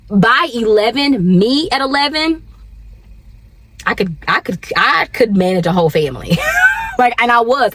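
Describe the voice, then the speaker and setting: A woman, chatting casually to camera from her car, animated and talkative with sudden high jumps and laughs. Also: no echo. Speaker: vlogger, working mom.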